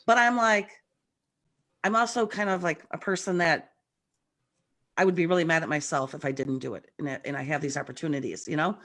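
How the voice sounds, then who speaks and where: A woman, a guest medium, telling stories in an animated, chatty way on a video call, her voice a bit rough from the morning. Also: low-pitched, brisk. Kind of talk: casual chat.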